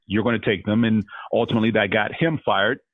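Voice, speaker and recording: A husky, slightly rough-voiced man makes his points emphatically in a casual sports chat. The sound is dry and a bit dull and lo-fi, with faint music underneath. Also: on the low side, fairly even intonation, quick pace, no echo. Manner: opinionated, emphatic. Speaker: podcast co-host.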